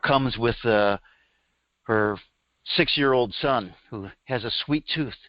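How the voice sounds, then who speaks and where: A man's voice: mid-range voice, slow pace, dry recording. A middle-aged man leading a live workshop, telling stories in a chatty way and laughing at them. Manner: chatty storytelling, laughs at his own stories. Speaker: workshop teacher. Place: room with a live audience. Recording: dull dry lo-fi recording.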